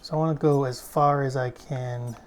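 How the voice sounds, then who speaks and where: A woman's voice: a bass voice, fairly even intonation, moderate pace, darkish tone. A woman playing a video game and talking casually, goofing around and breaking into improvised silly songs. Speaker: let's play gamer. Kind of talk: casual gameplay commentary.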